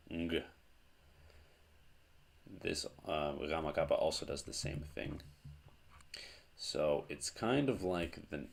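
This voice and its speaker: A man teaching a language lesson at a board, explaining slowly with pauses and restarts. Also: low voice, gravelly. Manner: slow, halting explanations with fillers and restarts. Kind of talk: whiteboard lesson.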